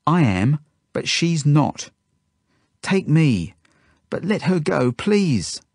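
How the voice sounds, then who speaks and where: Storybook kid: a man plays a desperate young boy pleading, pitched up. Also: lively intonation, moderate pace, a little mellow, husky, no echo, clean studio sound. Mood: frantic. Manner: pleading, frantic.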